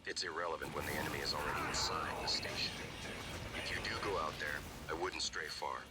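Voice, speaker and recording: Game guide, male, very low voice, instructive and calm. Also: loud music behind the voice. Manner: measured, instructive. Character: calm male mission guide giving orders. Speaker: mission guide on the radio. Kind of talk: game voice acting.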